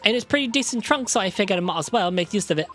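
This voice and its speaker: A man's voice: high-pitched, lively intonation, very fast, pushed and bright, faint music behind, pitched above the performer's own voice. A man voicing a scrappy young cockney girl from a game he is reading aloud. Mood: cheeky. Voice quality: cockney-styled slangy speech.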